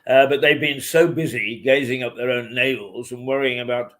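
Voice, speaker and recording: A man hosting a morning talk show from a hotel, rambling and halting with many fillers. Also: mid-range voice, steady tone, fairly bright tone. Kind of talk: casual chat. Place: hotel room.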